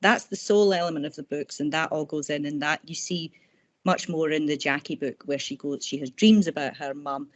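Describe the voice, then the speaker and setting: A woman author talking in a casual interview over a video call, telling personal stories warmly and restarting her sentences often. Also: deep voice, moderate pace. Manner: warm, chatty storytelling with frequent restarts. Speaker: author guest.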